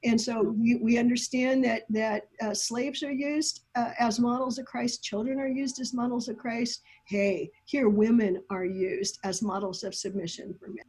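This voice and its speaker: A woman's voice: a little high, fairly even intonation, moderate pace, hardly any pauses, darkish tone, husky. A woman guest scholar giving an emphatic, lecturing explanation, often laughing and using technical terms. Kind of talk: animated explanatory talk.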